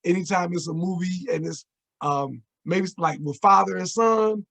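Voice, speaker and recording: A man in his forties co-hosting a relaxed conversation, with a voice pitched notably high for a man. He talks emphatically and confidingly, tossing in quick affirmations. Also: creaky. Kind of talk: casual chat.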